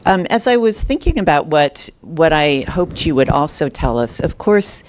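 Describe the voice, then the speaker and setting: A woman moderating an academic symposium, posing a question in a halting, thoughtful way with many restarts. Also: low voice, big pitch swings, darkish tone.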